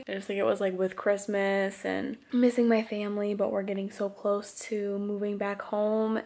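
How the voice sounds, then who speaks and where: A woman's voice: mid-range voice, creaky. A young woman from Michigan with a slight Upper Michigan accent, chatting casually to camera at home in a rambling vlog full of "like" fillers. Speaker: vlogger. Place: indoors at home. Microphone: camera mic.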